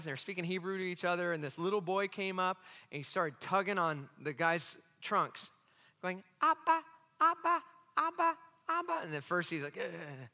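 A man preaching a sermon as pastor, animated and asking the congregation questions. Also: high voice, big-room sound. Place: church hall.

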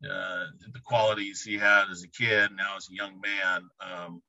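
A man giving a reflective interview answer, often pausing to search for words. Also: low-pitched, little pitch movement, bright, forceful tone, dry recording, highs cut off. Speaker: interviewee recalling an athlete.

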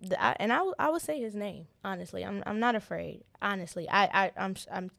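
A young woman telling a personal story as an interview guest. She talks in halting starts and often repeats words in earnest. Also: medium pitch, vocal fry, a bit bright, no room sound. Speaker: interview guest, business owner.

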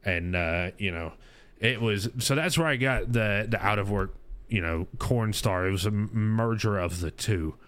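A man in his thirties hosts a laid-back recap, his voice smooth and clear and a touch low. He rambles through stories with plenty of "uh"s and restarts. The sound is dry and close. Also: moderate pace, fairly bright tone, no echo. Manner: rambling, many fillers and restarts. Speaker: streamer and podcast host. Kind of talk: casual recap chat.

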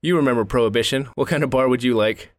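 Man, 30s, podcast host, animated ranting, lots of swearing, dry close mic. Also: mid-range voice, fast talker, dry recording. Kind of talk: casual podcast chat.

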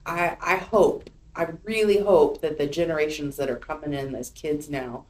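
A woman in her thirties, a podcast guest, chatting casually and telling lively stories about her young daughter. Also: sits low, normal speed. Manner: animated storyteller, voices her child's lines. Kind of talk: casual chat.

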